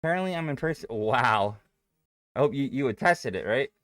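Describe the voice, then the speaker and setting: A man's voice: medium pitch, animated, fairly quick, a bit bright, dry recording. Young guy streaming and chatting, swears a lot, voice jumps all over, dry close mic. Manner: loose and profane, thinking aloud. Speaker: day trading streamer. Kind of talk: casual live-stream chat, reading viewer comments.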